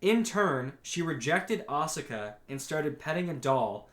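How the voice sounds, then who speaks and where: A young man co-hosting a podcast, chatting casually and recapping scenes with animated, profane reactions. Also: fairly high pitch, unhurried, reverberant. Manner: animated recapping, reads out scene quotes, swears freely. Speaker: podcast co-host. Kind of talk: casual chat.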